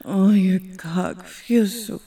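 A woman in a whispered role-play, talking softly, pleading and moaning, and often dropping into breathy whispers. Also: mid-range voice, slow. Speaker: audio role-play performer.

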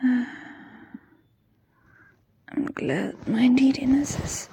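A woman speaking in a soft, breathy whisper, talking intimately and sighing between phrases. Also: high voice, noisy background.

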